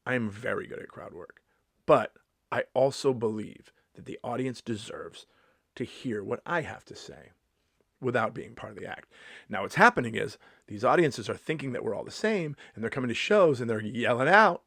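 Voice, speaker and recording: A man's voice: mid-range voice, normal speed, vocal fry, dry recording. Middle-aged male comic, casual vlog rant, cusses freely, mid-range voice, dry close recording. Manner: animated, swearing, restarts a lot. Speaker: stand-up comedian.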